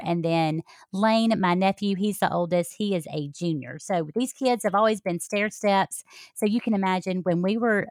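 With a lowish voice, a middle-aged health coach offers a warm, folksy, heartfelt talk aimed right at her listeners. The recording is studio quality, with no room sound.

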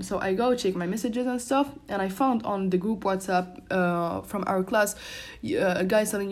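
A woman's voice: mid-range voice, normal speed. A young woman whose first language is French, hosting a casual solo podcast from her room at home, rambling with frequent restarts and fillers. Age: young adult. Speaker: podcast host.

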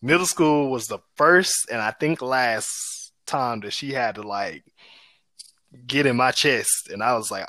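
Young man, casual storytelling, animated delivery, bright voice, dry close sound. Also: a little slow, no echo. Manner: animated, acts out quoted people in a high voice.

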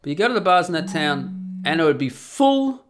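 A man's voice: a little high, big pitch swings, moderate pace. Angry, swearing man ranting. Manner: angry, profane, ranting, scornful. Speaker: podcast host. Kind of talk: solo podcast rant.

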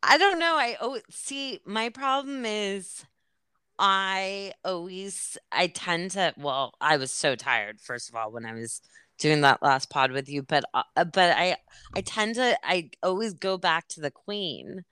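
A woman hosts a casual podcast chat in a low, unhurried voice. She rambles, laughs and cuts herself off mid-thought. The sound is dry and close. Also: expressive, bright, forceful tone, clear, resonant tone, no echo. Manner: rambling, laughing, self-interrupting. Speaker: podcast host.

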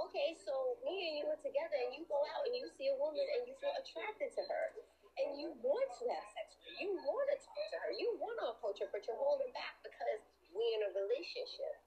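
A woman's voice: high voice, darkish tone. A woman talking bluntly and with slang in a casual podcast debate.

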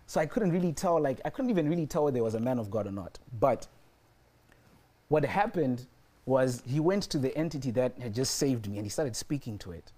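A man's voice: medium pitch, expressive, brisk, mellow. A man preaching a sermon and telling a personal story, repeating his phrases for emphasis.

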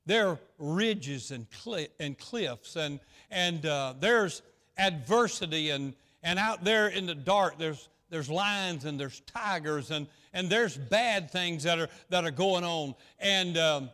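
A male pastor preaching a sermon in a folksy, repetitive way, swinging between loud stretches and hushed ones. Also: a little high, slow, long reverb tail.

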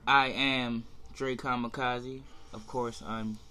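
Laid-back, slow-talking male sports podcast host. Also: mid-range voice, flat delivery, bright, forceful tone, slight background noise. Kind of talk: casual sports chat.

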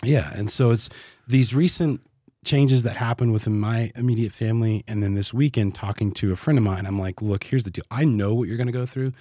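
A man with a slightly low, husky voice speaks as a podcast guest. He talks in a heartfelt, halting way and often repeats words as he searches for them. The sound is dry and close. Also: warm tone, dry recording. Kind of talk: casual podcast conversation.

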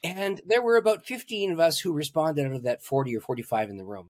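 A man's voice: on the high side, fast, no room sound. A man, a pastor and guest, telling a story in an interview and laughing at his own stories.

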